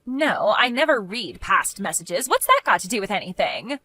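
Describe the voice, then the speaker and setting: A woman's voice: medium pitch, big pitch swings, moderate pace, bright, forceful tone, no room sound. A woman voicing a selfish, defensive woman neighbor who scoffs and bristles in a narrated story. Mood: scoffing. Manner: indignant, scoffing.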